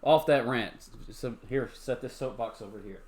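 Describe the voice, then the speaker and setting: A man's voice: mid-range voice, normal speed, few pauses. Chatty man ranting on his show. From Tennessee. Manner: chatty, ranting, repeats himself. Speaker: show host. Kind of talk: live-stream chat show.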